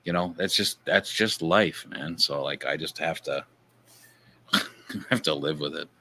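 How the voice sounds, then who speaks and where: A man with a low but bright, sharp-toned voice in a casual livestream chat. He speaks frankly, with a rueful edge and plenty of swearing. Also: a little slow.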